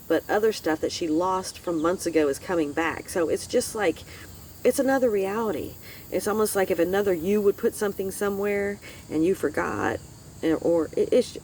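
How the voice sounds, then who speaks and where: A woman's voice: low voice, darkish tone, a little hiss or hum. A middle-aged woman vlogging, telling a rambling personal story in a chatty, self-interrupting way and swearing freely. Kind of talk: rambling casual storytelling to camera.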